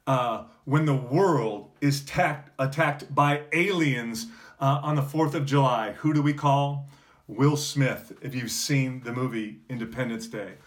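A man preaching a sermon as pastor, earnest, with frequent fillers and restarts, building to emphatic peaks before dropping to a quiet close. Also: mid-range voice.

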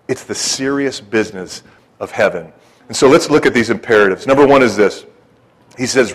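A man preaching to a church congregation in a folksy, joking way. His voice sits a little higher than most men's, and he stumbles often through fillers and restarts as he talks. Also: rough recording. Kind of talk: conversational sermon.

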